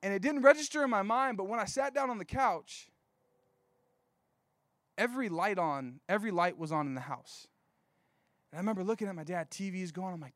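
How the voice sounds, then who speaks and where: A young man gives a sermon as a chatty, animated story, leaning on "like" over and over. His voice sits high for a man. The sound is dry and close, with no room echo. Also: brisk, long pauses. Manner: casual, animated storytelling with many "like" fillers.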